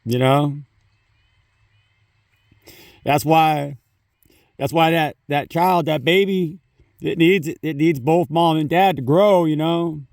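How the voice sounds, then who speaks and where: A man's voice: fairly high pitch, slow, vocal fry, pauses often, a little mellow, dry recording, clean studio sound, distant mic. A man giving a casual spiritual talk on his phone, rambling, swearing freely and saying "you know" often. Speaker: spiritual vlogger.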